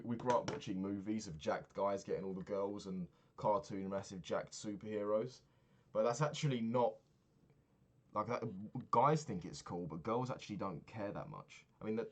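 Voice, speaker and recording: A man in his twenties recapping a trip in a rambling, sweary, casual monologue, often laughing at his own stories. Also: on the low side. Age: 20s. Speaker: vlogger.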